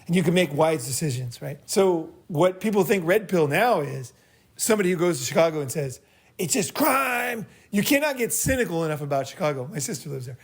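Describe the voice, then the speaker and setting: A man's voice: a little high, lively intonation, quick pace, husky. A man hosting a group meeting, giving blunt, profane advice in a rambling way and checking in with "right?" after each point. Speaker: host leading a group meeting. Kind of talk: casual group talk, advice.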